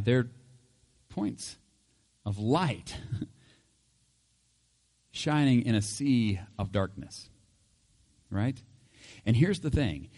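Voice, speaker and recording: Speaking in a mid-range, darkish voice inside a large hall, this male pastor preaches in a relaxed, chatty style. He laughs frequently and illustrates his points with ordinary, homespun examples.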